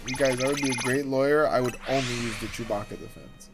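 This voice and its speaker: A man's voice: medium pitch, fast. A young man chatting casually on a game livestream, rambling from one joke to the next, swearing freely and calling his viewers dude. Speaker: livestream gamer. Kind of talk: casual livestream chat while playing. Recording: game music playing under voice.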